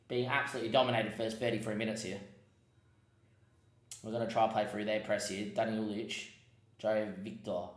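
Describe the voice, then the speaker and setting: A man's voice: mid-range voice, reverberant. A man giving casual commentary on his football management game, muttering asides and breaking into frustrated outbursts. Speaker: gaming podcast host.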